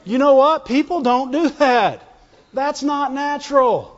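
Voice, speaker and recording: Man, high voice, fervent preaching, repeats lines, muffled lo-fi sound. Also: measured pace. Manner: fervent, repetitive call-and-response preaching. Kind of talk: sermon. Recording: dull lo-fi sound with long hall reverb.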